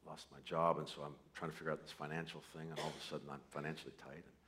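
A man preaching a sermon, telling a personal story, starting soft and building to loud emphasis. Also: a bass voice, level tone, rapid-fire, a little hiss or hum. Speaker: pastor.

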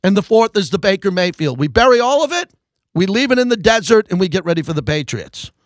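A man hosting a sports talk radio show into a studio microphone, ranting and fired up, swinging between loud bursts and low grumbles. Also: big pitch swings, fast talker, no room sound.

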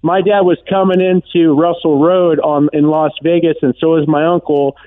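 A man's voice: on the high side, level tone, normal speed. A man from Southern California calling in to a sports radio show, rambling with earnest fan enthusiasm. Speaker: caller. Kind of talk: phone call to a radio show. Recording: tinny phone line.

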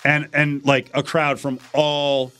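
A man hosting a radio show, chatting in a lively, excitable way. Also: on the high side, slow, smooth, soft background music. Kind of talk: casual chat.

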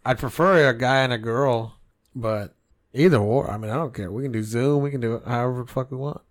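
A man with an ordinary mid-range voice hosting a casual podcast. He talks loosely and profanely, gets animated, and slips into mocking impressions of other people. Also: medium pitch, a little fast. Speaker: podcast host. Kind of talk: casual chat.

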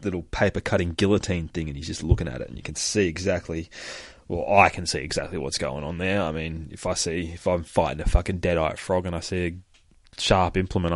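A man retelling a comic book in a casual, profane, excitable way, laughing often. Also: low-pitched, no echo.

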